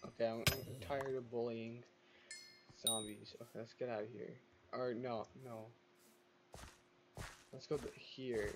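Slow-talking man chatting over gameplay. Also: medium pitch, flat delivery, heavy background noise. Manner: chatty, talks to the game's mobs, exclaims and laughs. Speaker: gameplay commentator. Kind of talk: casual gameplay commentary.

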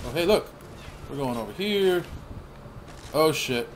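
A man in his thirties giving rambling, profane gameplay commentary with sudden excited outbursts. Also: a little high, measured pace, slight background noise. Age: 30s. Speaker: gaming channel host.

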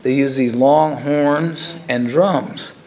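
An older man, a former lab technician, telling his story in a casual, halting way with frequent chuckles. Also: mid-range voice, darkish tone.

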